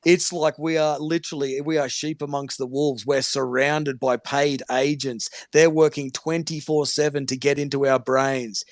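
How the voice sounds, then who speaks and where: A man's voice: medium pitch, flat delivery, normal speed, few pauses, no room sound, clean studio sound. A man hosting an online audio chat room, talking in a heated, profane, preachy way and cutting in on others, over a phone mic.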